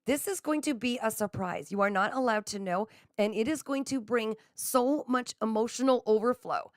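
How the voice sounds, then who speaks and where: A woman's voice: a little high, moderate pace, no echo, studio quality. A woman giving a live tarot reading, effusive and encouraging, speaking straight to her viewers. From Canada. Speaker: psychic reader.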